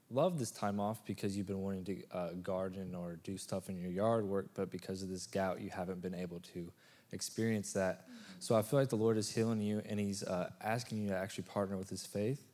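A man's voice: low voice, little pitch movement, brisk, darkish tone. A man sharing words of knowledge for healing, hesitant with many fillers. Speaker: prayer minister.

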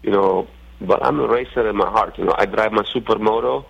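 A man with an Italian accent, a racing driver guest on a radio interview, talking haltingly with many fillers and restarts. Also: lowish voice, gravelly, husky. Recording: dull lo-fi radio audio.

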